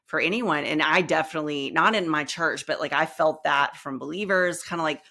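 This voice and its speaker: A woman therapist speaking as a podcast guest, expressive and emphatic, acting out what people said to her. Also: sits low, fairly quick. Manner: expressive, acts out quotes, emphatic. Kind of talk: casual interview chat.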